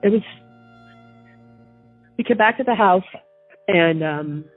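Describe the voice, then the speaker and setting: A woman's voice: medium pitch, slow pace. A woman guest telling a personal story in an indignant way, often repeating herself and restarting. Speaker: interview guest recounting events. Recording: tinny phone line with faint music.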